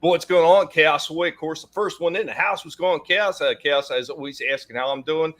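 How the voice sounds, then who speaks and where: A man's voice: on the high side, fairly quick, a bit bright. A man hosting a casual live-stream chat, joking, cussing and greeting chat viewers by name. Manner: jokey, rambling, cusses, reads chat names. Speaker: host.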